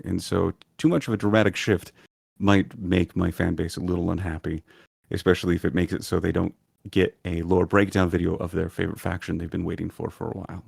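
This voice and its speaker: Male guest, very deep gravelly voice, dry close sound, thoughtful and hesitant. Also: darkish tone, no echo. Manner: thoughtful, hesitant with frequent ums. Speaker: podcast guest, lore video creator. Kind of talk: casual interview chat.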